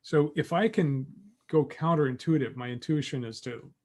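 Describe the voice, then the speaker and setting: A man teaching about relationships on a community call, explaining calmly with light laughs. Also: a little high, normal speed.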